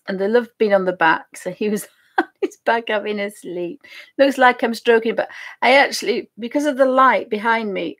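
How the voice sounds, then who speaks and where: Yorkshire woman vlogger, chatty and rambling, mid-range voice, casual home chat. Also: mid-range voice. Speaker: craft vlogger.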